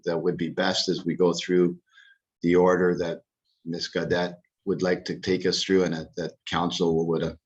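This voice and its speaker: A man addressing a town council as a lawyer, his voice very deep and flat in tone. He speaks in measured, formal sentences and restarts now and then. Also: highs cut off.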